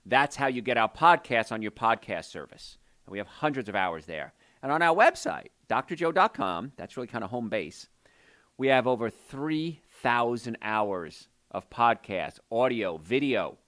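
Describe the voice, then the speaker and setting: A man hosting a call-in health show as a doctor, talking in an energetic, folksy, salesy way. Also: medium pitch, moderate pace. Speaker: radio show host and doctor. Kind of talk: call-in health radio talk.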